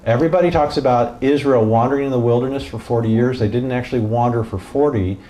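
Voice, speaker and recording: A man's voice: medium pitch, quick pace. A man leading a Bible study as its pastor, in a casual, joking teaching style, quizzing the group and acting out bits of the story. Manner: animated, jokey, asks the group questions and acts out voices.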